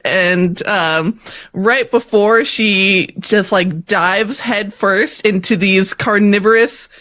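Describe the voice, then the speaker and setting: A woman playing in a tabletop game, talking in an excited, casual way. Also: medium pitch, no room sound, lo-fi sound. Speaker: player.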